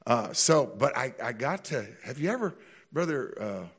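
A man preaching a sermon, telling stories with lively, animated delivery that climbs to excited peaks. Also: normal speed, husky. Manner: animated storytelling, builds to high excited peaks, laughs often. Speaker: pastor.

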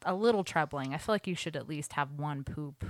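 A woman's voice: low-pitched, fairly quick, no room sound, clean studio sound. A young woman telling a story in casual podcast chat, full of "like"s. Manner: chatty storytelling with many "like"s.

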